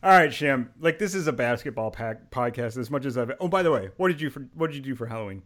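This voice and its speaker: A man hosting a podcast, telling animated stories in casual chat and laughing often. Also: medium pitch, fast talker. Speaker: podcast host.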